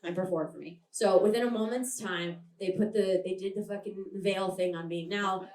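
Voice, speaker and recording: A woman's voice: mid-range voice, fairly even intonation, normal speed, a little mellow. A young adult woman doing a stand-up comedy set at a live show, brash and rambling, often laughing through her lines. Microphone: handheld stage mic. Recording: roomy venue, mic picked up from a distance.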